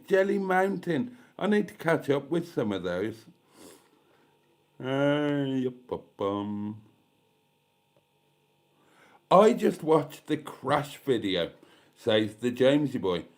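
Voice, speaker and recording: A man's voice: medium pitch, a little mellow. A man with a stuffy head cold chatting casually on a live stream from a caravan, reading comments aloud with dry, self-mocking asides. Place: caravan with gas fire.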